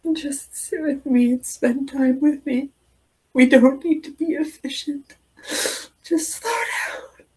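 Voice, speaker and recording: A woman client in a coaching session, speaking in a halting, emotional way and slipping into whispers. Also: high-pitched, fairly even intonation, mellow. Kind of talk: therapeutic affirmation exercise.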